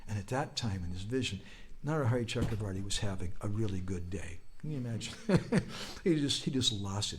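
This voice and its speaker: A man delivers a storytelling sermon at a religious festival, speaking fairly quickly and with great animation. Whenever he quotes someone or cries out, his voice leaps high and loud, and he sprinkles in humorous asides and prompts like "huh?" to his listeners.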